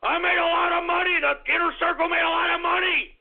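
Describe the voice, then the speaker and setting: A man hosting a radio show, ranting angrily, swearing and swinging between low grumbling and shouting. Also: fairly even intonation, quick pace. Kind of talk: ranting call-in radio talk. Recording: tinny phone-like radio recording.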